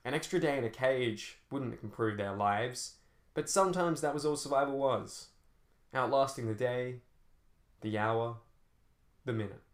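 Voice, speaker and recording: A man reading a novel aloud in a measured, dramatic storytelling manner. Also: mid-range voice. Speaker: narrator. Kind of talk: scripted audiobook narration. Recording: roomy echo.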